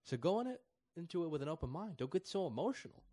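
Man ranting with loud emphatic swings. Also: big pitch swings, fast, dry recording, clean studio sound. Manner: mocking voices with high squealing jumps. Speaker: political commentator. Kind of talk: animated political rant.

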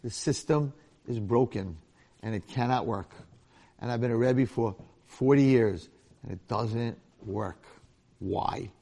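A man's voice: medium pitch, takes it slowly, creaky, long pauses, mellow, breathy edge. A middle-aged man, a rabbi and longtime teacher, giving an informal Torah lecture, telling stories and acting out the voices of the people in them. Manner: storytelling with acted-out voices and jokes.

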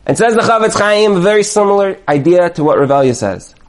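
A man giving a spoken Torah lesson, animated and acting out little dialogues. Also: high voice, fast talker. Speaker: Torah teacher.

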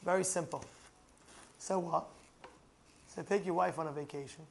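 A man, a rabbi, telling stories and teaching about marriage in a lively way, asking the listener questions and at times raising his voice to a shout. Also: a little high, moderate pace, gravelly. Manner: animated, asks the listener rhetorical questions, raises voice to a shout for emphasis. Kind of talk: storytelling talk on marriage.

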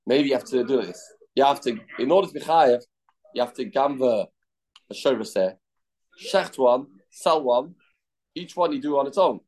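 A man teaching a daily Talmud lesson, reading out the text and translating it quick restarts. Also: medium pitch, a little mellow.

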